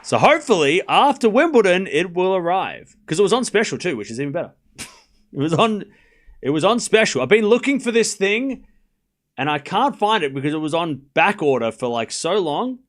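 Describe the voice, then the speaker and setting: A man's voice: high voice, very animated, moderate pace. A young Australian man giving casual, self-deprecating live tennis commentary to his stream chat.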